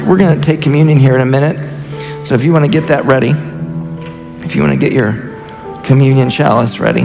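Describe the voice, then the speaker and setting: A man in his thirties delivers a sermon in an earnest, impassioned way, his fairly high voice carrying a gravelly edge. He often restarts his sentences as he works through his thoughts. The words ring out through a reverberant church hall with faint music underneath. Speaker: senior pastor. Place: church sanctuary.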